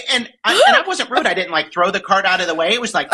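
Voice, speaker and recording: A woman's voice: medium pitch, sing-song, quick pace, few pauses, sharp tone, poor audio. A woman in her forties hosting a podcast, chatting casually and ranting with profanity and frequent laughter. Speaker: podcast host. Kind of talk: casual chat.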